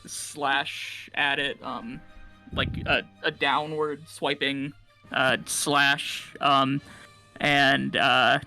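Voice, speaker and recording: A man's voice: mid-range voice, flat delivery, very slow, creaky, bright, forceful tone, faint music behind. A young man playing a tabletop game, hesitant and full of ums, often laughing. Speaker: player.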